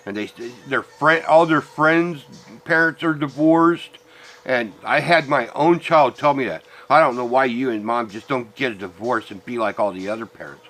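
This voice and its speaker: A middle-aged vlogger speaks straight to his viewers in a heated, profane personal rant. His mid-range voice is bright and forward, and he talks bluntly, swearing often for emphasis.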